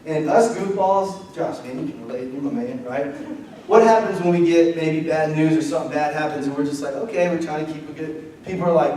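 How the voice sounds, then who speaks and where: A young man preaching a casual, story-driven sermon in a church, quoting people in lively voices. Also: a little high, brisk, a little hiss or hum. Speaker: pastor. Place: church sanctuary. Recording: echoey hall from far off.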